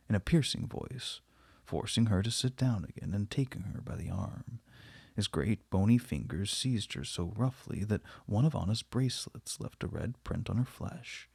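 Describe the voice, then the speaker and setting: A man reading a classic novel aloud in a measured, steady way. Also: on the low side, gravelly, husky, dry recording. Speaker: audiobook reader.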